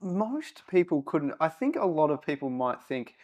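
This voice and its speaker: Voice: mid-range voice, big pitch swings, moderate pace, a little mellow. A podcast host reacting with short interjections and asking the guest questions.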